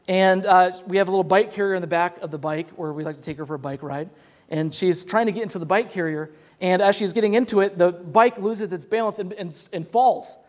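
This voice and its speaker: A young man preaching a sermon as pastor, earnest and repeating words as he explains. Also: sits high.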